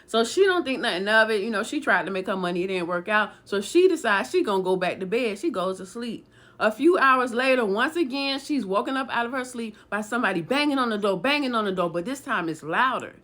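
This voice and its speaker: Animated woman telling a true story. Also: on the high side, a little fast. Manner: animated, acts out dialogue. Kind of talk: casual storytelling.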